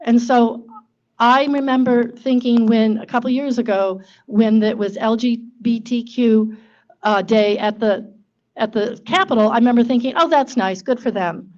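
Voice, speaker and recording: A woman in the audience, making a comment at a talk in a halting, hesitant way. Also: fairly high pitch, fairly even intonation, darkish tone. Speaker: audience member. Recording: dull lo-fi recording.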